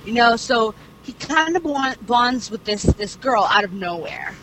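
A woman's voice: a little high, animated, unhurried. A young woman casually retelling a story with lots of fillers and asides, swearing freely. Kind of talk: casual chat, retelling a series plot. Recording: clear background noise.

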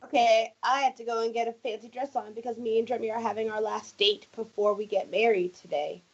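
This woman chats casually in a brisk, joking manner. Her voice sits slightly high. The recording sounds dull and lo-fi. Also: fairly even intonation, slightly rough. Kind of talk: casual podcast chat.

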